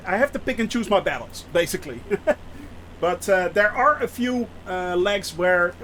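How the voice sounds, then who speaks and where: Guy streaming a flight sim, pretty high voice, rambly and giggly, chatting with his viewers. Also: a bit bright, a little hiss or hum. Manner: rambling, giggly, talks to chat. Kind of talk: live-stream chat with viewers.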